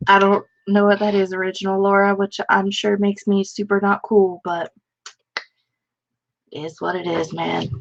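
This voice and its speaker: A woman's voice: mid-range voice, little pitch movement, moderate pace, creaky. A woman hosting a live writing stream alone, rambling and poking fun at herself as she chats with viewers. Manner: rambling, self-mocking, talks to chat. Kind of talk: casual live-stream chat. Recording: slightly dull lo-fi stream audio.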